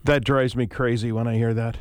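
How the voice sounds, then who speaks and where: A man's voice: medium pitch, level tone, brisk, smooth. A man hosting a call-in radio talk show, chatting easily with a guest and inviting listeners to call. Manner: friendly, conversational, asks listeners questions. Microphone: studio microphone.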